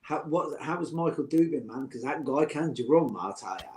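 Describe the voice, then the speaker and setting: A man's voice: fairly high pitch, lively intonation, moderate pace, a little mellow. A middle-aged man, chatting as a podcast guest, joking and heartfelt by turns. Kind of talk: casual chat.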